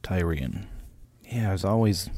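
A man's voice: on the low side, animated, normal speed, a little mellow. Laid-back man chatting on a podcast. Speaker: podcast co-host. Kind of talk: casual chat.

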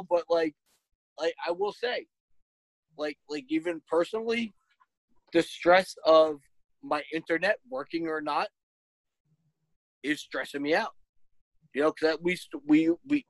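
A man co-hosting a casual podcast, talking slowly in a high, gravelly voice that leaps up and down in pitch. He stammers through restarts, swears freely and breaks into loud laughter. The sound is dry and close to the mic. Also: very animated, dry recording, rough recording. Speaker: podcast co-host. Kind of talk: casual chat.

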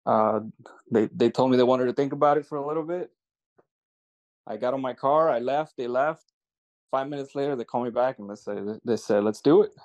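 A man's voice: mid-range voice, fairly quick, dull audio. Male land investor, casual rambling storyteller, mid-range voice, lots of restarts.

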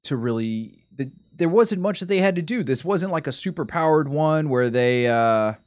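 A man's voice: on the high side, expressive, normal speed, darkish tone, dry recording, clean studio sound. A man streaming a casual chat, rambling and often sidetracked, interrupting himself as he talks.

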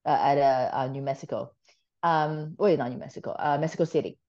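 Low-voiced woman telling a lively story. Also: brisk, dull audio. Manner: animated, swears freely, laughs often. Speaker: podcast guest. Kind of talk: casual storytelling.

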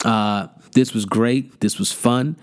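A man's voice: fairly low pitch, steady tone, slow. A man hosting a podcast, ranting in a heated, profane, mocking way with lots of repetition. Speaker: podcast host. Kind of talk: casual rant.

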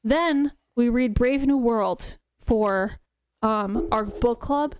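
A young woman co-hosting a podcast, chatting excitedly about books with lots of "um" and "like". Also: on the high side, slow, slight background noise. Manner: chatty, excitable, many fillers like "um" and "like". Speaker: podcast co-host. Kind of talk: casual chat about books.

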